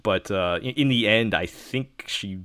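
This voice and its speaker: A man's voice: fairly low pitch, a little slow, pushed and bright, no room sound, studio quality. A man from New York chatting casually on a podcast, rambling with lots of fillers and restarts. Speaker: podcast host. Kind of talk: casual chat.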